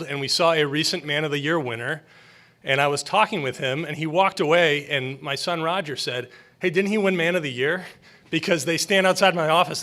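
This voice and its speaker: A man, a school administrator, hosting an awards ceremony in an earnest, partly unscripted speech with filler pauses. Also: fairly high pitch, pushed and bright.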